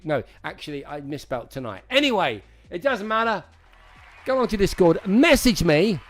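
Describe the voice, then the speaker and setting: A man hosting a livestream, chatting casually and rambling as he talks straight to his viewers. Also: on the high side. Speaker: livestream host.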